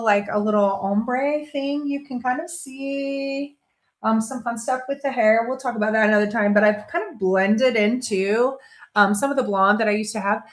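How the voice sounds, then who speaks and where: Middle-aged woman host, casual motivational talk, conversational with frequent restarts. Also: on the high side. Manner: conversational, with self-interrupting restarts and playful quoted voices.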